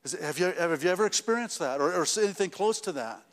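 A man's voice: high voice, animated, quick pace, big-room sound. A man preaching a sermon in a church, talking conversationally with restarts and rising to emphatic peaks. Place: church sanctuary.

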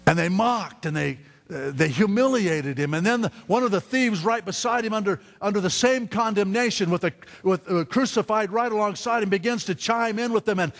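A man's voice: high-pitched, a little fast, few pauses. A man preaching a sermon in a church, earnest and prone to stammered restarts. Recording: reverberant hall.

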